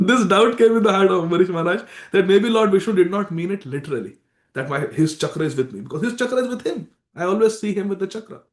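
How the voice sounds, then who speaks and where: A man teaching a morning scripture class in a temple, retelling stories emphatically with devotional exclamations. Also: sits high. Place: temple hall. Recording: echoey temple hall.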